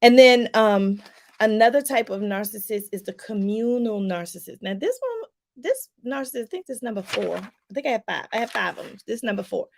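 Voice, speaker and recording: A woman's voice: fairly high pitch, lively intonation, brisk, creaky, darkish tone, a little hiss or hum. A woman life coach talking casually to her viewers, chatty and loose, with lots of fillers and acted-out examples. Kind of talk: casual explanatory talk to viewers.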